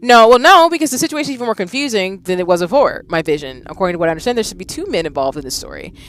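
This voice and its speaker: A woman's voice: medium pitch, very animated, very fast, fairly bright tone, slight background noise. A woman voicing a proud, stubborn young noblewoman villainess, reading game dialogue in a formal, self-assured manner. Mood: indignant.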